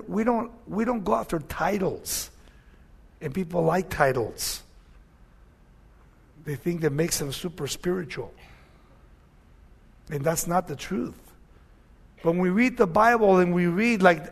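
A man's voice: high-pitched, vocal fry, a bit bright, breathy edge. Older man preaching with an accent. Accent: Spanish-accented English. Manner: conversational preaching, rising to emphatic questions. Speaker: pastor. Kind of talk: sermon.

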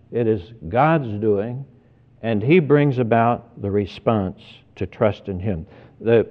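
A man preaching a sermon in an earnest, deliberate way, often repeating words as he stresses each point. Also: mid-range voice. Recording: tinny phone-like sermon recording.

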